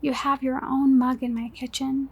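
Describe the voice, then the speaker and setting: Breathy, teasing woman, whispered role-play. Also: high voice, little pitch movement. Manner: teasing, possessive, slow and intimate. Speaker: ASMR roleplay performer.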